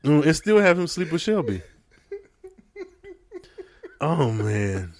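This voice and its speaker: A man's voice: a little high, sing-song, slow pace, darkish tone. A man co-hosting a podcast, chatting casually about a movie, laughing, swearing and exclaiming often. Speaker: podcast co-host. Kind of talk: casual chat, movie review.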